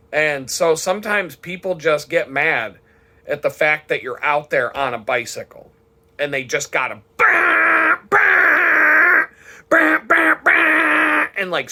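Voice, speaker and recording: A man's voice: fairly high pitch, sharp tone. A man talking casually in a rambling, profane vlog monologue, swearing freely as he tells his day. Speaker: vlogger.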